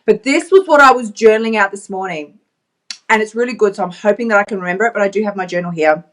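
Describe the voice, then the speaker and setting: A woman's voice: mid-range voice, quick pace, fairly bright tone. A woman vlogger and life coach giving a chatty, emphatic motivational pep talk to camera, laughing often.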